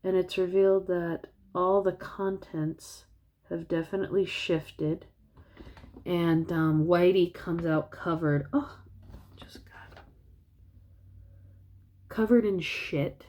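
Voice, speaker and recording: A woman's voice: on the low side, steady tone, slow pace, pauses often, darkish tone. A woman vlogger casually retelling a film plot in a rambling way. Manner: rambling, many fillers and restarts.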